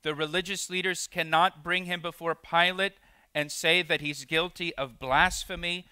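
Preaching verse by verse in a church sanctuary, this pastor keeps a steady tone at a moderate pace in a voice on the high side that's bright, forceful, and smooth. He occasionally performs quoted lines and repeats words when restarting. There's no room sound.

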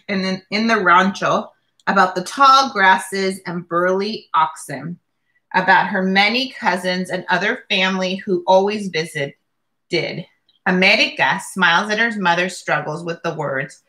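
A woman reads a picture book aloud at a slow, deliberate pace. Her voice is bright and clear, and she stops now and then to describe the pictures. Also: mid-range voice. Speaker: reader.

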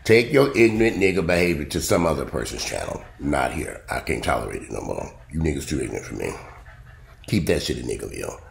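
A man's voice: rumbling low, very animated, fast talker, vocal fry, slight background noise. A man, rambling bluntly and profanely to camera in a casual vlog. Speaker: vlogger. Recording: roomy echo.

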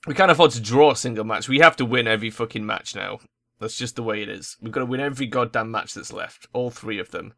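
Speaking quickly in a mid-range voice with vocal fry and a slightly bright quality, a young man commentates on a football tactics game. He's a gaming YouTuber, and his remarks are frustrated and full of swearing.

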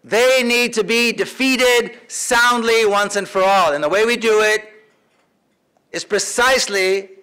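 A man with a high voice gives an impassioned speech in a large lecture hall. His tone is bright and forceful. He is emphatic and hammers home points by repeating phrases. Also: unhurried, clear, resonant tone. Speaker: activist speaker.

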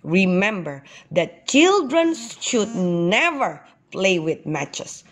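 A woman's voice: on the low side, extremely slow, full character voice. A woman doing a patient, careful father ox. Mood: calm. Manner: calm, instructive reminders.

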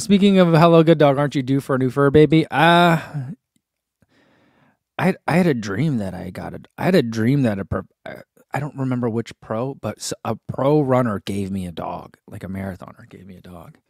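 A man's voice: deep voice, gravelly, darkish tone, dry recording, clean studio sound. A man in his thirties hosting a live stream, reading out viewer comments and chatting casually with lots of fillers and restarts. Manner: chatty, rambling, with fillers and laughs.

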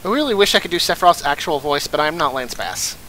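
A man casually joking his way through a video game playthrough, swearing now and then. His voice is high and animated, with a bright, sharp tone. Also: quick pace, slight background noise, low-quality recording. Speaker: let's-play host.

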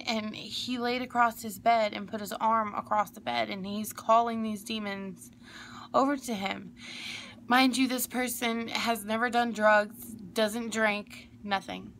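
Young woman, bright voice, rambling storytelling, faint hiss behind. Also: fairly high pitch, steady tone, a little slow. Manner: rambling, digressive, emphatic. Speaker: vlogger telling a personal story. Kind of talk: casual storytelling to camera.

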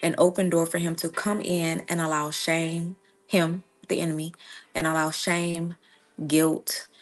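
A woman's voice: low voice, level tone, a little slow. A young woman hosting a casual Christian morning livestream, speaking earnestly and conversationally to her viewers. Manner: earnest, conversational, repeats "right?" often. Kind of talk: casual devotional talk.

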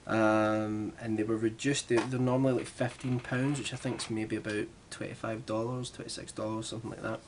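Young glasgow guy vlogging, lowish voice, rambly and self-mocking. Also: level tone, a little fast, hardly any pauses, slight background noise. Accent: Glaswegian Scottish. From Glasgow, Scotland. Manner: chatty and self-deprecating, with rambling asides. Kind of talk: casual vlog chat.

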